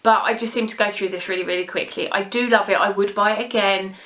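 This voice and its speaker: A young British woman chatting to her camera as a beauty vlogger, rambling and gushing in an easy, friendly flow. Her tone is crisp and sharp, with a middling pitch. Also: steady tone, fast. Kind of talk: casual chat to camera.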